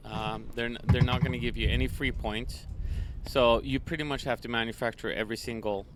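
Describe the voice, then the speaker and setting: A man's voice: mid-range voice, fairly even intonation, fairly quick, very noisy. A man from Sweden, a guest player breaking down a matchup analytically, often restarting sentences.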